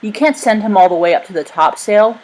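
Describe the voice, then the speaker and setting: Woman reading as a calm brave young explorer, earnest, steadies his friend. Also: mid-range voice, a little fast, voice pushed up, lightly acted, rough recording. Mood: urgent pleading. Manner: earnest, reassuring.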